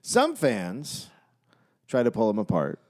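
A man co-hosting a comedy history podcast, narrating a story in a deadpan way with jokey asides. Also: on the low side, slow.

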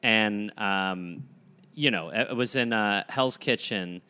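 A man's voice: on the low side, takes it slowly, bright, forceful tone, smooth. A man co-hosting a comedy podcast, cracking jokes and rambling through an anecdote. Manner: rambling anecdotes, wisecracks, acts out his own quotes. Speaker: podcast co-host. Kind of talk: casual comedic chat.

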